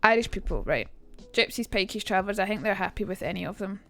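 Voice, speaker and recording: A woman's voice: mid-range voice, animated, fast, fairly bright tone, soft background music. A woman streamer chatting casually and rambling as she reacts to her chat during a live stream, speaking into a streaming mic.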